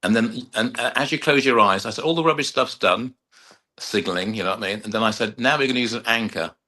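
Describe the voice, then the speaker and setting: A man's voice: on the low side, fast, pushed and bright. A middle-aged man, a hypnotherapist, chatting casually in an interview and rambling through anecdotes while acting out what his clients said. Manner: rambling storyteller who acts out client dialogue. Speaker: hypnotherapist and mind coach, guest.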